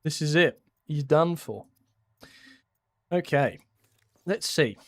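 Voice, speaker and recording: A man's voice: a little high, expressive, slow pace. Chatty English man streaming a game. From England. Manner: chatty, laughs often, reads chat aloud. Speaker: gaming streamer. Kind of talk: casual live-stream chat while playing.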